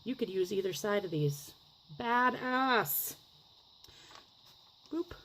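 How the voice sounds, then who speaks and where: A woman's voice: mid-range voice, animated, fairly quick, a little mellow, a little hiss or hum, low-quality recording. A woman casually demonstrating a craft project, chatty and rambling, gushing over the results and sometimes dropping into a whisper. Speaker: craft vlogger.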